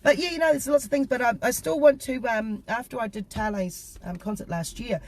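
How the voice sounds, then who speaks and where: A woman's voice: a little high, a little fast. A woman from New Zealand with a New Zealand accent, a singer chatting casually as a guest and laughing often. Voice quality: laughs often, bubbly and warm-hearted. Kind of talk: casual interview chat.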